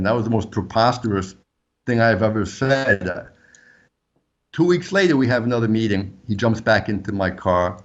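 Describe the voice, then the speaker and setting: Animated man with a French first language. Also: normal speed, lo-fi sound. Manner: animated anecdotes, pitch jumps up when quoting. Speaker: former undercover agent, guest author. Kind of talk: storytelling interview answers.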